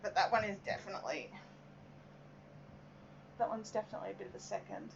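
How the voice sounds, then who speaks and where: A woman's voice: medium pitch, lively intonation, fairly quick, gravelly, lo-fi sound, background noise. An Australian woman hosting a casual live craft stream, rambling as she works and reads out viewer comments. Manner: chatty and rambling, reading out viewer comments, many "um"s. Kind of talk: casual live-stream chat while working.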